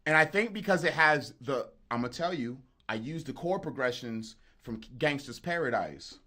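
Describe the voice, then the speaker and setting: A man's voice: mid-range voice, moderate pace. A man making beats on a livestream, chatting casually and joking with viewers in the chat. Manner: animated, joking, talks straight to the chat. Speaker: beat producer streaming live.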